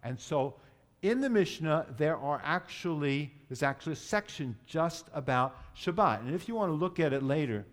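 A man's voice: on the high side, lively intonation, normal speed. A man giving a Messianic teaching, explaining terms patiently and leading the group to repeat words. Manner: explanatory, leads group repetition, self-correcting. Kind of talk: teaching sermon.

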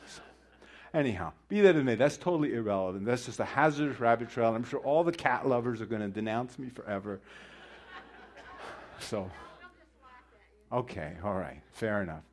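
A man's voice: medium pitch, animated, normal speed, pauses often, slight background noise. A middle-aged man teaching a conversational sermon, wandering into joking asides and rhetorical questions. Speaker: Bible teacher.

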